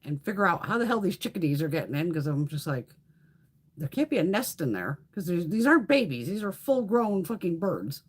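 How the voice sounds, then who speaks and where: Husky-voiced woman, animated and foul-mouthed. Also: on the low side, fairly quick. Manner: animated storytelling with frequent swearing. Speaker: beauty livestream host. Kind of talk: casual chat.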